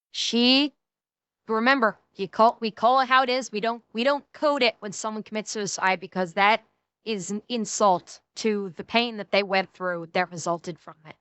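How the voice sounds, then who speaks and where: A woman's voice: high voice, sharp tone, smooth, dry recording. A woman streamer giving casual reaction commentary, emphatic and ranting, swearing often and swinging between mocking and serious.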